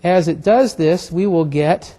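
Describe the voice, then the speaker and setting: A man teaching a classroom grammar lecture, explaining step by step in a halting way with many pauses and restarts. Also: on the high side, warm tone. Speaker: Hebrew instructor.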